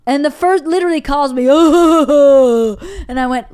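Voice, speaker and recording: A middle-aged woman chatting on her podcast, full of lively storytelling energy. She acts out the people in her anecdotes and swears freely. The sound is close and dry, with no room around it. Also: sits high, slow pace, hardly any pauses, no echo. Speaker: podcast host. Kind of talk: casual chat, storytelling.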